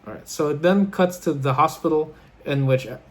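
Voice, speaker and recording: A man's voice: on the high side, fairly quick. A man casually recapping a film scene by scene, rambling with lots of fillers and restarts. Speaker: film podcast host.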